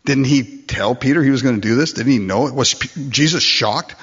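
A man preaching a sermon, animated and acting out the voices in the story. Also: mid-range voice, brisk, breathy edge. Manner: animated, acts out voices in quotes. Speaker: pastor. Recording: dull lo-fi recording.

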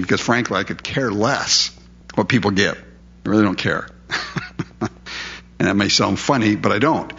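A man's voice: fairly low pitch, a bit bright, slightly rough, highs cut off. A man preaching a sermon in a conversational, emphatic way, asking his listeners questions. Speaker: pastor.

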